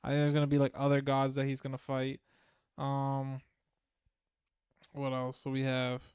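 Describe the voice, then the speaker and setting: A man's voice: medium pitch, completely flat delivery, moderate pace, darkish tone, clear, resonant tone, no room sound, studio quality. A man co-hosting a casual podcast chat about web novels, easygoing and laughing along. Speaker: podcast co-host.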